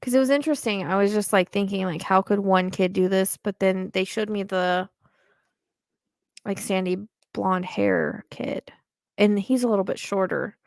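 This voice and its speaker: A woman talks her way through a psychic reading, searching for words with lots of fillers and restarts. Her voice has a creaky, gravelly texture. The sound is dry with almost no room. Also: mid-range voice, fairly even intonation, moderate pace, darkish tone, dry recording. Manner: hesitant, rambling with many fillers. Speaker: psychic medium.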